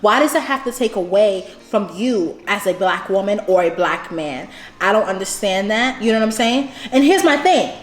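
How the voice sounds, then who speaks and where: A woman's voice: mid-range voice, animated, normal speed, echoey room. A woman co-hosting a home vlog, chatting casually and emphatically while eating, laughing often. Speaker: vlog co-host.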